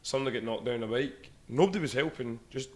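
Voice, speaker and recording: A man's voice: mid-range voice, fast talker, a little mellow. A Scottish man co-hosting a podcast, rambling through casual anecdotes. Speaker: podcast co-host. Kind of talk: casual chat.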